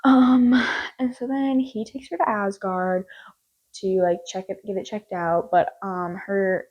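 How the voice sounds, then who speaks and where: A woman's voice: medium pitch, steady tone, unhurried, darkish tone, muffled recording. A young woman casually recapping a film plot, rambling and joking with lots of filler words. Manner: rambling, jokey, full of "like" and "um". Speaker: film reviewer.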